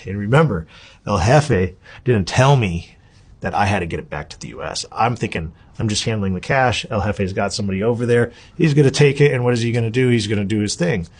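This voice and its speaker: A middle-aged man with a husky voice, telling his story as an interview guest in an animated, profane, casual way. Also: fairly low pitch, a little fast.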